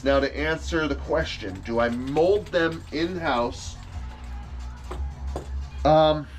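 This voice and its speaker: A man making fishing lures in his workshop, chatting casually on a livestream and answering questions, rambling and restarting his sentences, with the odd swear word. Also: mid-range voice. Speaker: fishing lure maker hosting a livestream. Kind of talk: casual live-stream chat answering questions.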